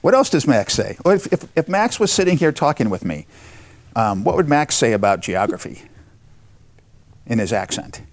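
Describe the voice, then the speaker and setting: A man's voice: mid-range voice, sing-song, normal speed, no room sound. A man hosting a show, patiently asking a child encouraging questions and repeating back the answers. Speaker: show host interviewing a child. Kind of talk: friendly interview chat.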